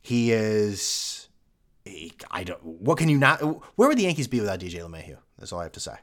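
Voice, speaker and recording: A man's voice: lowish voice, big pitch swings, a little fast, fairly bright tone. A young man hosting a solo sports podcast, ranting in a sarcastic, mocking way. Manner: sarcastic, mocking, with mimicked fan voices. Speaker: podcast host.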